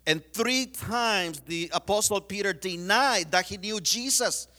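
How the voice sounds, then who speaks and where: Male preacher, high bright voice, casual sermon with lots of fillers. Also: measured pace. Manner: conversational, many fillers, retells scenes.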